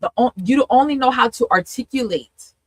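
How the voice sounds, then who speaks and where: A woman's voice: fairly high pitch, normal speed, no room sound, rough recording. A woman hosting a live talk, telling her story with feeling, laughing often and acting out her past self. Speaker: host and coach. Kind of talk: candid testimony in a live conversation.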